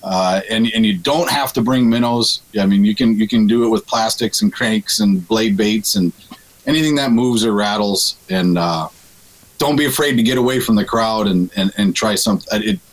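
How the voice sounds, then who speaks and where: A man's voice: lowish voice, normal speed, poor audio. A man guesting on a radio show, telling a fishing story in casual chat, with frequent restarts and laughs. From Minnesota.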